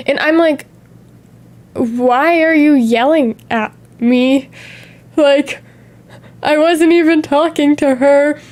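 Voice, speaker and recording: A young woman streamer in casual chat, telling stories in a chatty, animated way with gasps and laughs. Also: sits high, normal speed. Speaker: VTuber streamer.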